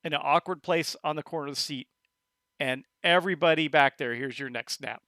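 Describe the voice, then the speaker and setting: A man narrating as game master of a tabletop horror game, talking in halting bursts with many restarts. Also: on the high side, bright, forceful tone, no echo.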